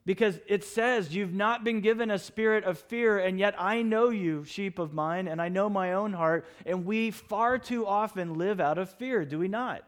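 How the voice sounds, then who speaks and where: A middle-aged man preaching in a church sanctuary, with a voice pitched a touch high for a man. He tells stories with lively energy and acts out his own shouted lines. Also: normal speed, hardly any pauses. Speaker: pastor. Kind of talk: sermon.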